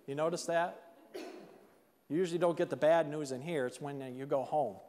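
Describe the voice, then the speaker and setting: A man's voice: fairly high pitch, moderate pace, dark tone, in a large hall. A man preaching a sermon in a church, talking plainly and acting out quotes of the people in the story. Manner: conversational, plain-spoken preaching with acted-out quotes. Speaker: pastor. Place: church sanctuary.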